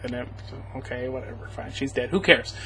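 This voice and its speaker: A man's voice: medium pitch, brisk, fairly bright tone. A man giving a rambling, sarcastic spoken movie review, chuckling as he goes. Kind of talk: casual spoken film review.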